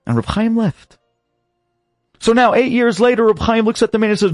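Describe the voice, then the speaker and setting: A man telling an inspirational story with dramatic, animated delivery, slipping in Hebrew and Yiddish terms. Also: extremely high pitch, normal speed, pauses often, no echo, studio quality, soft background music.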